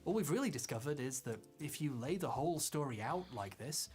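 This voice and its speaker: A man's voice: mid-range voice, animated, a little fast, darkish tone, soft background music. Man narrating a wry video essay. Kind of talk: scripted narration.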